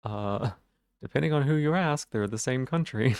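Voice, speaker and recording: A man's voice: medium pitch, moderate pace, creaky, darkish tone, clear, resonant tone, no room sound, studio quality. Stuttering man chatting on a live stream. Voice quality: stutters on some words. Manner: rambling, self-deprecating, talking to chat. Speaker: game streamer. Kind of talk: casual live-stream chat.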